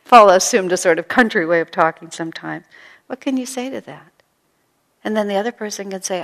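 A woman spiritual teacher giving a gentle storytelling talk to a live audience, full of soft asides. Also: medium pitch, a little fast. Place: hall with an audience. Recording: long hall reverb.

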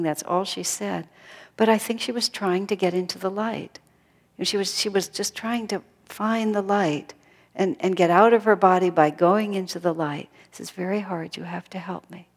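Gravelly woman in a reverberant hall. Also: lowish voice. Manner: thoughtful, drops to a hush on quoted words. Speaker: spiritual teacher. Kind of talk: reflective spiritual talk.

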